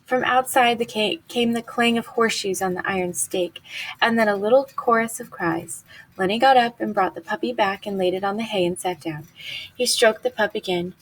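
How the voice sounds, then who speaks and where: Husky woman reading a novel aloud. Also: medium pitch, moderate pace, rough recording.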